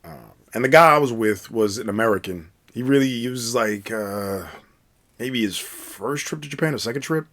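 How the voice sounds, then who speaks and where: A man's voice: mid-range voice, expressive, normal speed, a bit bright. A man telling a casual personal story, rambling with many fillers and restarts. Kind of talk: casual spoken anecdote.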